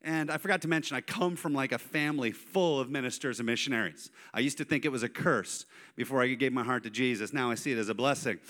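A male pastor preaching a sermon, telling animated personal stories and speaking directly to his congregation. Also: medium pitch, quick pace, few pauses. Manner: animated, storytelling, addresses congregation.

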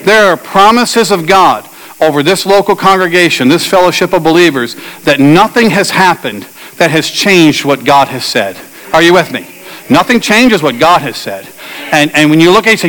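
A middle-aged male pastor with a fairly high voice preaches with lively storytelling. He acts out shouted lines from his story and speaks straight to the congregation. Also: normal speed, in a large hall, poor audio. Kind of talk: sermon with a personal story.

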